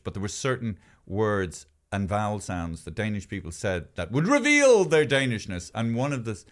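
Male co-host from Ireland, low voice, loose rambling chatter full of restarts. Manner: rambling, animated, mimics accents, swears. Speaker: podcast co-host. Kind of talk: casual chat.

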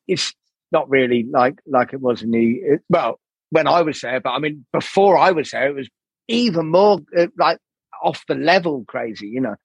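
Male podcast guest, husky and a touch high, tangents and swearing, dry close sound. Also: dry recording. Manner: swears a lot, rambling, acts out quoted people. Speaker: podcast guest, jazz saxophonist. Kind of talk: candid podcast conversation.

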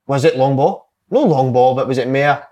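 A man's voice: medium pitch, moderate pace, a little mellow. A Scottish man co-hosting a football podcast, firing questions at his guest amid banter. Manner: asks lots of questions, banter. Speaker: podcast co-host. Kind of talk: casual football chat.

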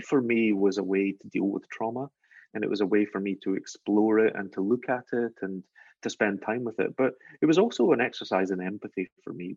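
A man with a Glaswegian accent, an author guest speaking in a thoughtful, earnest, measured way. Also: lowish voice, darkish tone, slightly rough, no room sound, lo-fi sound. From Scotland. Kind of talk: reflective interview talk.

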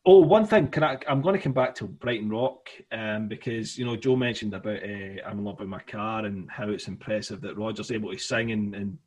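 A man's voice: fairly low pitch, a little fast, few pauses, darkish tone, slightly rough. A man hosting a casual music podcast, rambling with many fillers and restarts.

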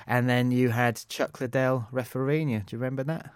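Male podcast co-host, mid-pitched, teasing and chatty, dry studio sound. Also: steady tone, a little fast, smooth, dry recording. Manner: joking, explanatory, says "mate" often. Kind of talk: casual sports podcast chat.

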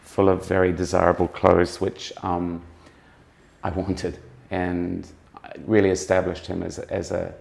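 Deep gravelly-voiced male fashion critic. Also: monotone, a little slow, darkish tone. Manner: musing, circling back to rephrase his points. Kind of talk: conversational interview.

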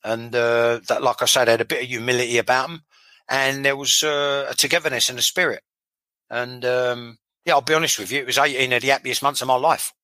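A man's voice: mid-range voice, steady tone, fairly quick, pushed and bright, no room sound, rough recording. A man, a former footballer telling blunt, sweary stories in a casual interview, often repeating himself.

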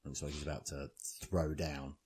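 A man's voice: extremely low pitch, little pitch movement, moderate pace, a little mellow, slightly rough. A man co-hosting a podcast, recapping a film in blunt, sweary, dry casual chat. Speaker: podcast co-host.

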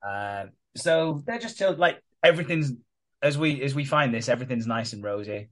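A man's voice: mid-range voice, lively intonation, normal speed, a bit bright. A man co-hosting a podcast, recapping a soap storyline in a rambling, sweary way. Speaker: podcast co-host. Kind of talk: casual recap chat.

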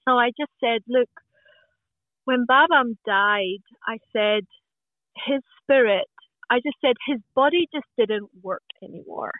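Woman in her thirties, high voice, talking over a phone line, dry and thin sound. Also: measured pace, no echo. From Scotland. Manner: open, chatty, many restarts and fillers. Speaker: guest. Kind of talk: casual podcast conversation.

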